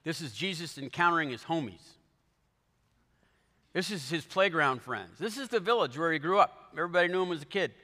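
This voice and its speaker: Animated preacher man, bright tone. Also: a little high, brisk. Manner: animated storytelling, dramatic shifts in volume. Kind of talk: sermon. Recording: long hall reverb.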